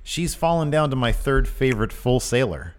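A man's voice: medium pitch, normal speed. A man co-hosting a podcast, chatting casually in a rambling, jokey way. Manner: rambling, animated, jokey asides. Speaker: podcast co-host.

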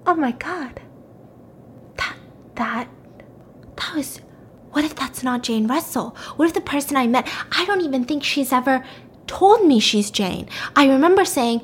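A woman's voice: high-pitched, expressive, normal speed, a little hiss or hum. A woman voicing a distraught, reclusive woman who mutters anguished, self-disgusted thoughts. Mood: bewildered.

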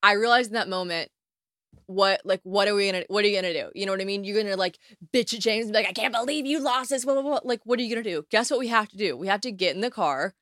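A young woman from the United States talks through stories on her solo podcast, lively and chatty, and she slips into little acted-out quotes. Her voice sits in an ordinary middle pitch for a woman. The sound is dry and close, with no room around it. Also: fast talker, dry recording. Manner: chatty, animated storytelling with swearing and acted-out quotes. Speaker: podcast host. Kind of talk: casual solo podcast chat.

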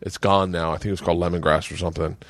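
A man's voice: low-pitched, level tone, racing, a bit bright, dry recording. A man in his forties hosting a podcast, a little tipsy from drinking, telling a long profane story in a rambling, laughing way. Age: 40s. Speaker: podcast host. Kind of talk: casual storytelling chat.

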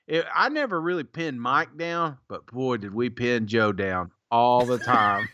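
A man's voice: mid-range voice, sharp tone, no room sound, highs cut off. A man co-hosting a casual podcast, joking, laughing often and reading listener reviews aloud. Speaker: podcast co-host.

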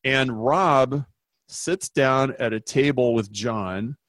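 A man telling an anecdote in a lively, conversational way, acting out the voices of the people in it as a guest explaining marketing. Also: medium pitch, slow pace, no room sound. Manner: animated, acts out quoted voices. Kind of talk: conversational storytelling.

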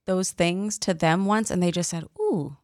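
A woman co-hosting a podcast, lively and quick to react and laugh. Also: lowish voice, no room sound, studio quality. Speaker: podcast co-host. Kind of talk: podcast conversation.

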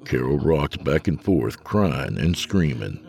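A man narrating a horror story in a slow, grave storyteller's manner. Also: a bass voice, sing-song, creaky, loud music behind the voice.

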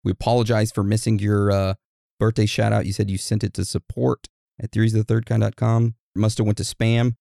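Gravelly laid-back man. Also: lowish voice, flat delivery, brisk, dark tone, dry recording, studio quality. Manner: laid-back, rambling, joking. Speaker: podcast co-host. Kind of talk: casual chat.

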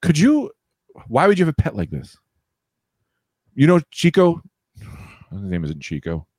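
A man's voice: fairly high pitch, huge pitch swings, a little slow, a little mellow, dry recording, studio quality. A man hosting a casual comedy podcast, riffing playfully and laughing often. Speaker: podcast host.

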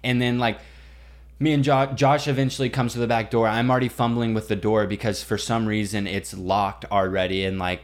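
A young man co-hosting a podcast, telling a story in casual chat, animated and full of swearing and "like". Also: on the low side, brisk. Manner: animated, swearing, heavy use of "like". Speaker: podcast co-host.

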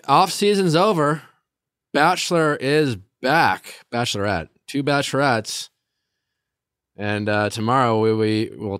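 A man's voice: on the low side, a bit bright, dry recording, clean studio sound. A man hosting a relationship advice podcast, chatting casually and joking with his co-hosts before taking callers. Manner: laid-back, joking, asks callers questions. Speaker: podcast host.

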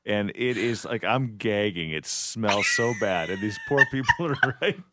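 A middle-aged man co-hosting a podcast, telling a long animated story and laughing along the way. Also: lowish voice, unhurried, heavy background noise. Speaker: radio show co-host. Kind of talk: casual storytelling chat.

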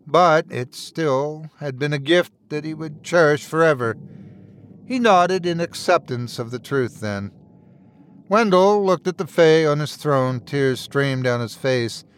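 A man reading a horror story aloud in a measured, somber storytelling manner. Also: mid-range voice, a little hiss or hum. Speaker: storyteller, podcast host. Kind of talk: scripted horror narration.

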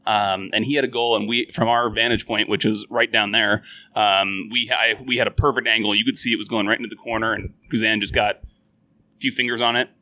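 A man's voice: lowish voice, level tone. A man who works as a journalist, co-hosting a podcast and casually breaking down a soccer match. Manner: quick, bright, repeats words.

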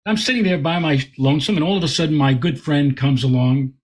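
Husky-voiced man telling a lively story. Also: on the high side, fairly quick. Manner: lively storyteller, repeats words when excited. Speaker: astronomer guest. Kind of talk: animated anecdote in conversation.

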